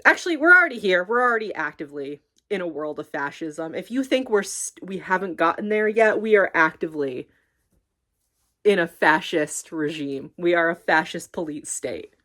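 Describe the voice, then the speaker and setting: A young woman talking casually in a rambling, animated way, swearing often and acting out conversations. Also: fairly low pitch, normal speed. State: tearful. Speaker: streamer talking about her library job. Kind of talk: casual chat.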